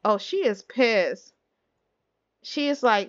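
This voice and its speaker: A woman chats her way through a life-simulation game, laughing often and talking to her viewers like friends. Her voice sits at an ordinary middle pitch. The recording has a slightly muffled, lo-fi sound. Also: unhurried. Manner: chatty, laughing, addresses viewers as y'all. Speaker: let's play host. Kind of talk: casual game commentary.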